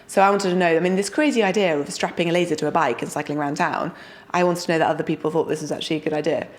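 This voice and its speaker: An upbeat young woman from the United Kingdom with a low voice appears as a startup founder and guest in a casual interview. She talks with energy and enthusiasm, tossing in quick asides.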